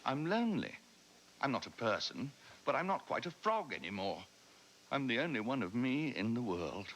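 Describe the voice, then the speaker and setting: A man's voice: mid-range voice, big pitch swings, moderate pace, a bit bright. A man with a British accent playing a sentimental, talkative male frog in a sitcom, with a theatrical sing-song delivery. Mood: lonely. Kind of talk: 1990s sitcom acting. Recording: noisy, hissy TV recording.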